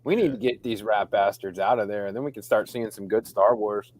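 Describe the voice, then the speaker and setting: A man's voice: on the low side, fairly quick, a little mellow, a little hiss or hum. A man speaking as a panelist on a live pop culture show, blunt and irreverent.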